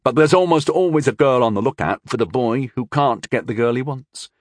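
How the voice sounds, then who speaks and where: A man's voice: mid-range voice, a little fast, dry recording, clean studio sound, close to an everyday voice. A man voicing a confident young scholar who lectures his friend in a knowing, wry way. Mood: smirking.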